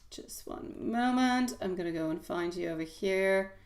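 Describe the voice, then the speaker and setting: A woman's voice: mid-range voice, normal speed. Encouraging woman reading tarot live. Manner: encouraging, affectionate pep talk with pet names. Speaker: tarot reader.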